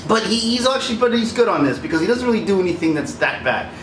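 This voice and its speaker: Man, casual commentary, lively pitch, fairly high voice, roomy echo, distant mic, background noise. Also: fast. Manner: animated, laughs often, acts out quotes. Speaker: video essay host. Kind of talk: casual commentary over film clips.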